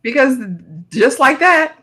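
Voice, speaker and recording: A bright, forceful woman co-hosts a casual TV recap. She talks in an animated, exclamatory way and often slips into short acted-out lines from the characters. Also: sits high, slow pace. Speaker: TV review show co-host.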